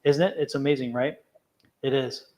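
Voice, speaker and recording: A man's voice: mid-range voice, steady tone, normal speed, a little mellow. A man tarot reader giving careful, encouraging advice in a casual live reading, sometimes hesitating over his words.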